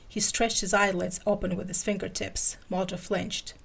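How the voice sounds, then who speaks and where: A woman's voice: mid-range voice, little pitch movement, normal speed, gravelly, hardly any pauses, husky. A woman podcast host giving a playful dramatic reading of fan fiction.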